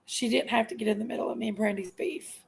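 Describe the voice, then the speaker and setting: A woman's voice: on the high side, fairly even intonation, fast, gravelly, breathy edge, rough recording. A middle-aged woman, venting on a live stream with emphatic repetition. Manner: aggrieved, emphatic venting, repeats herself. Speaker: livestream host. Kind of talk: casual live-stream rant.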